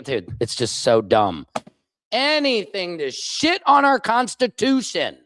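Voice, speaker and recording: A man from the United States hosting a political livestream, ranting with heat and plenty of profanity. His pitch swoops up and down, and he stops often to answer viewer comments aloud. The sound is dry and close, with no room echo. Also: very animated, moderate pace, fairly bright tone. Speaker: livestream host.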